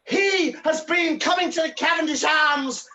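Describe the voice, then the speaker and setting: A comedy host introducing acts on a live online show, shouting for cheers and making chatty asides. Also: high-pitched, measured pace, a crowd in the background. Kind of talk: hyped live show hosting. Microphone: video call.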